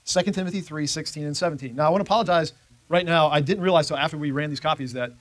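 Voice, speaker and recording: A man teaching a church Bible class with a fairly high voice. He talks in a conversational way and keeps checking that his listeners follow. The sound is dry and close, with little room echo. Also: racing.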